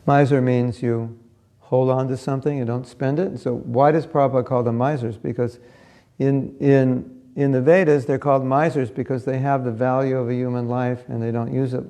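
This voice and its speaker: Gravelly-voiced man giving a scripture class. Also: mid-range voice, flat delivery, normal speed, mellow. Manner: conversational, storytelling, asks listeners questions. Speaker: class speaker.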